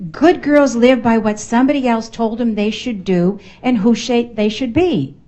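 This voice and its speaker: Middle aged boston lady giving a pep talk to a crowd, punchy and playful, warm low-key tone, kinda muffled recording. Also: normal speed. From United States. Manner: animated, emphatic, playful. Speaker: motivational speaker. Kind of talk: motivational talk to a live audience. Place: function room at a networking event.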